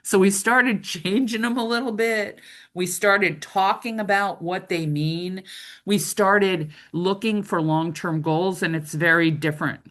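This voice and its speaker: A woman's voice: medium pitch, a little slow, a bit bright. A middle-aged woman trainer giving a conversational training lecture, often checking in with "right?".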